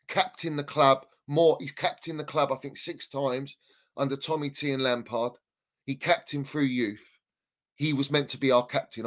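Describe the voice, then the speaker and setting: A man's voice: mid-range voice, fairly bright tone. A man, a guest on a football podcast, ranting heatedly in casual debate. He swears freely and hammers his points home by repeating them. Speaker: Chelsea fan guest.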